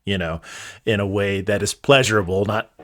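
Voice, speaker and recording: A man's voice: fairly low pitch, fairly even intonation, moderate pace, a bit bright. A man in his forties hosting a podcast interview, casual and reflective, laughing easily. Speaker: podcast host.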